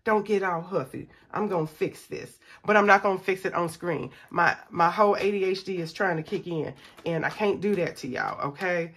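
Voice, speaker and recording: Chatty, bright-voiced woman vlogger. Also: fairly low pitch, normal speed, few pauses, slightly rough. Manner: chatty, animated, talks to viewers as y'all, counts money aloud. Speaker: budgeting vlogger. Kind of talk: casual chat to viewers while scratching off savings.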